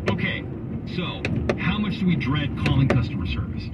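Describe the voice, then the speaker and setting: A man hosting a radio morning show, telling stories in a chatty, animated way. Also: a little high, moderate pace, far from the mic. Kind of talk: casual radio banter. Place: radio studio, heard through a car speaker. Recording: car radio heard in a moving car, muffled, road noise.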